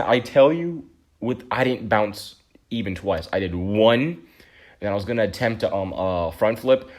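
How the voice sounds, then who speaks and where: A man telling a story in a casual vlog monologue, animated and dramatic, with slangy asides. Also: fairly low pitch.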